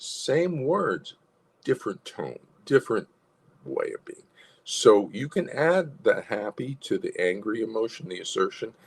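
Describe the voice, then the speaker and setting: A man's voice: on the low side, measured pace, vocal fry, slightly rough. A man, a psychologist hosting an instructional livestream, who talks animatedly and acts out different tones of voice. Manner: animated, demonstrates tones of voice, chuckles.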